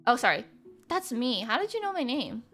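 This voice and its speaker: A woman doing a dating-game protagonist who just doesn't care, flattened into a deadpan monotone. Her bright tone still comes through under the boredom. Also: on the high side, brisk, faint music behind. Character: deadpan young protagonist who cares about nothing.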